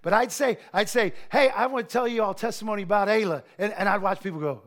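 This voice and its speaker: A man preaching a sermon as pastor, animated, with storytelling asides. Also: high-pitched, quick pace, few pauses.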